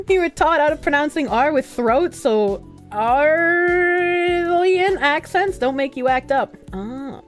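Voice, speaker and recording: A woman with a Boston accent, streaming and reading her chat aloud, animated and full of crude jokes and frequent laughter. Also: high-pitched.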